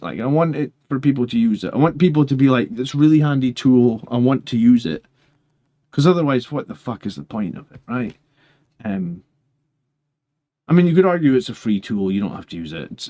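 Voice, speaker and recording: A tired man hosting a hobby livestream, chatting in a rambling, relaxed way full of fillers and restarts. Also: medium pitch. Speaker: hobby channel host. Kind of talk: casual livestream chat.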